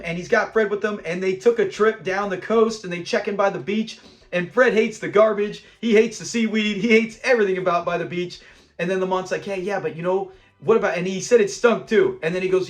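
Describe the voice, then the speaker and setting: A chatty man reviewing an old sitcom episode with enthusiasm, wandering off into side notes. He acts out the characters' lines as he retells them. His voice is high for a man. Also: a little fast. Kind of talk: casual chat.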